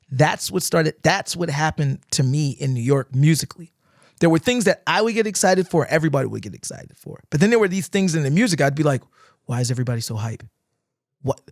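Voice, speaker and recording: A man talking in a casual podcast chat, his voice sitting a little high and swinging widely as he tells stories. He swears freely and acts out the cheers of his friends. The sound is dry, close and free of room echo. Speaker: guest dancer. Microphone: podcast microphone.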